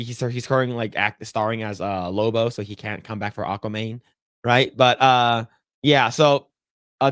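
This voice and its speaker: A man hosting a casual podcast chat, swearing freely and acting out quotes in a loud, high voice. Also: no room sound, studio quality. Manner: animated, profane, acts out quotes in a loud high voice. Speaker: podcast host.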